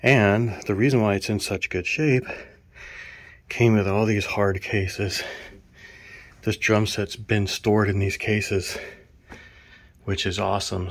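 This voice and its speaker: A man's voice: deep voice, no echo. A man showing off gear in a casual, rambling way, out of breath from carrying things. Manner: rambling, counts items aloud. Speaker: drummer vlogger. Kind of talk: casual show-and-tell.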